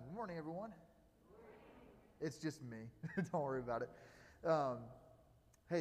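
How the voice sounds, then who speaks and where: A pastor in his thirties giving a casual sermon, telling stories in a relaxed, joking way with lots of asides. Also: medium pitch. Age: 30s. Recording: long reverb of a large hall.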